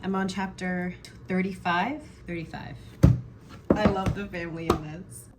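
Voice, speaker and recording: A woman's voice: on the low side, steady tone, unhurried, heavy background noise. A woman vlogging casually about a book she is reading, gushing and swearing freely as she talks. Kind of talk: casual chat.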